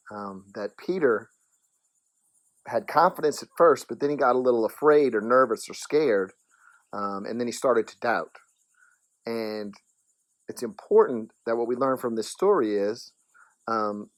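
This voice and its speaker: A man, wrapping up a children's church lesson in a relaxed way with frequent ums. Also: mid-range voice, measured pace, long pauses, no room sound. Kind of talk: casual lesson wrap-up.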